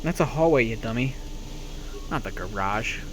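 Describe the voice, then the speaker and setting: A man's voice: medium pitch, lively intonation, moderate pace, a little hiss or hum. A man giving a playful, sarcastic voice-over commentary on a video game. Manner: sarcastic, self-mocking, playful. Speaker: let's-play commentator.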